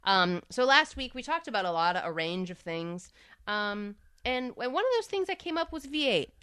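A woman's voice: mid-range voice, big pitch swings, sharp tone, clear, resonant tone, no echo, studio quality. A woman in her thirties co-hosting a podcast, chatting casually in a playful, rambling way full of jokes. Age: 30s. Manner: playful, rambling, quick to joke. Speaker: podcast co-host. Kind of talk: casual chat.

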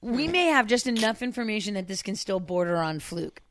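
A woman's voice: mid-range voice, very animated, brisk, a bit bright, dry recording, studio quality. A woman co-hosting a casual chat, talking in a precise, wry way. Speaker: podcast co-host.

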